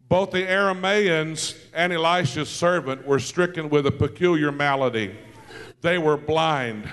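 Male preacher, sermon, storytelling with laughs, calls to the congregation, slightly high pitch. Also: a little slow, clear, resonant tone, long reverb tail. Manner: lively storytelling with asides and laughter.

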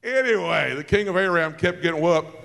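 A man preaching a sermon, telling stories with quick asides and laughter and calling out to the congregation. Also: a little high, creaky, big-room sound. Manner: lively storytelling with asides and laughter; calls out to the congregation.

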